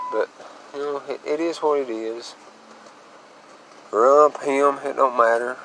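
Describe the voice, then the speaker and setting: A man's voice: mid-range voice, takes it slowly, long pauses, background noise. A man from Western North Carolina, talking casually in a rambling, folksy vlog and chuckling often as he goes along rural roads. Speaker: vlogger.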